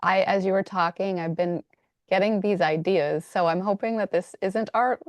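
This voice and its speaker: A woman's voice: medium pitch, fairly even intonation, moderate pace, dry recording, clean studio sound. A woman hosting a conversational podcast interview, effusive and affirming toward her guest. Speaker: podcast host.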